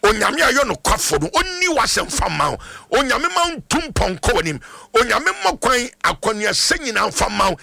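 A man's voice: high-pitched, sing-song, moderate pace, creaky, pushed and bright, no room sound. A middle-aged Ghanaian man, a pastor praying fervently for callers on a radio call-in, in a sing-song declaring cadence.

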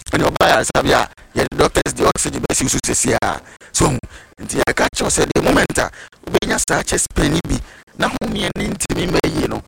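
A man with a strongly gravelly voice gives an explanatory health talk as a medical expert, laying out warning signs step by step. His delivery is quick and lively in pitch, and he slips English medical terms into his speech. Loud background noise runs under the whole recording.

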